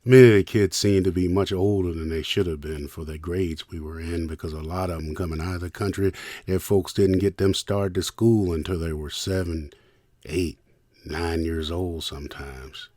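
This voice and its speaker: An older man from Richmond hosting a storytelling podcast, reminiscing in the first person and thanking listeners warmly. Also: low-pitched, fairly even intonation, moderate pace, no echo, studio quality. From Richmond, United States. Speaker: podcast host and producer.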